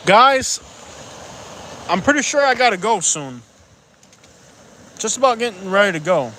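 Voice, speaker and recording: A man with a rather high voice chats casually on a live stream from the beach at sunset, speaking into a phone. He jokes, rambles and reads out viewer comments. Faint outdoor noise sits behind him. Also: sing-song, measured pace, bright, forceful tone.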